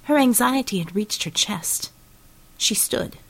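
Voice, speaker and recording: A woman narrating an action audiobook in steady, dramatic storytelling. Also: medium pitch, measured pace, husky, poor audio.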